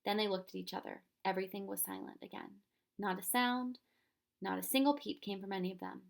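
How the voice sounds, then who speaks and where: A woman reading a children's storybook aloud with expressive narration. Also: medium pitch, brisk, vocal fry. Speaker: reader.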